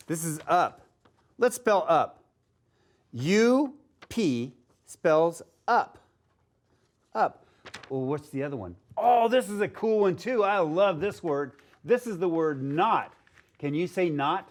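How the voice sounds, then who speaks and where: Casting: upbeat male phonics teacher for kids, slow and animated. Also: fairly high pitch. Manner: slow, sounding out letters, upbeat and encouraging. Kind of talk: phonics lesson for young children.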